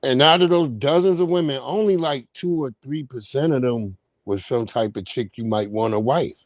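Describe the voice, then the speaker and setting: With no echo on the recording, a medium-pitched man hosts a livestream and talks casually through long, meandering stories laced with profanity.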